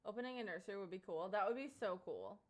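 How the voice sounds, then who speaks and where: Talking fast in a mid-range voice, a young woman streamer shares a casual story with her chat. Frequent laughter and lots of fillers, "like" and "um" especially, keep it animated.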